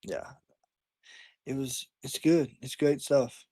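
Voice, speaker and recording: A man co-hosting a wrestling podcast in casual chat, relaxed and often giving brief agreeing replies. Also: mid-range voice, slow, no room sound.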